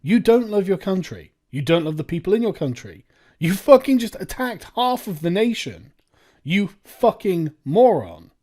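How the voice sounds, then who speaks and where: A man's voice: high voice, sing-song, moderate pace, darkish tone. A man hosting a reaction commentary, ranting in a sarcastic, profane way. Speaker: commentary video host.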